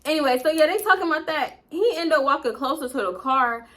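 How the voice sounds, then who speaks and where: A young woman telling a story casually, animated, profane and laughing between asides. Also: sits high, quick pace. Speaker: storytime vlogger.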